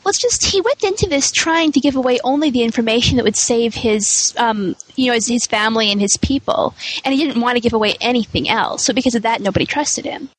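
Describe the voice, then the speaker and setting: A high-voiced woman talking fast and lively in a casual commentary, poking at plot details. Her voice is recorded close and dry. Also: dry recording, low-quality recording. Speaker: podcast co-host.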